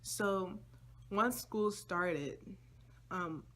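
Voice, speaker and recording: A woman's voice: medium pitch, drawn-out words, fairly bright tone. A young woman vlogger telling a personal story to her viewers in a casual, slangy, chatty way.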